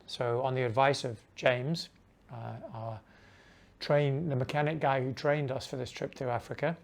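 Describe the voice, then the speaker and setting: A middle-aged man casually telling a travel story, animated, dropping to a hush when he acts out the dialogue. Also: mid-range voice.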